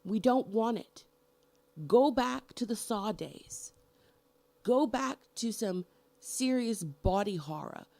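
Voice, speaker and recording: A woman's voice: on the high side, animated, slow, gravelly, pauses often, a little mellow. A middle-aged woman vlogging a heated, profane rant about horror movies, hammering each point with emphasis. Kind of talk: angry movie rant to camera.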